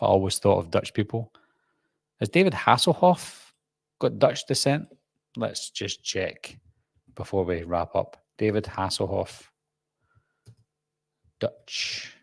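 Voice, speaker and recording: A man's voice: sits low, gravelly, no echo. A Scottish man hosting a live-stream Q&A, chatting in a rambling, self-deprecating way. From Scotland. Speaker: horror channel host.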